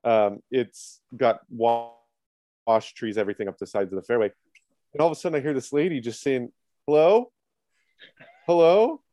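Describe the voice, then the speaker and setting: A man's voice: medium pitch, a little fast, dark tone, no echo. A man, a guest on a podcast, telling a self-mocking story in casual chat. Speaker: podcast guest, head of production.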